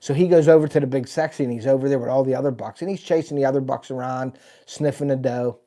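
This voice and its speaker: A man's voice: medium pitch, steady tone, fast talker, mellow. A middle-aged man, hosting a live stream and telling a long hunting story in a casual, rambling way with many "and, uh" fillers. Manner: rambling, folksy, lots of "and, uh". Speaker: host of a hunting channel.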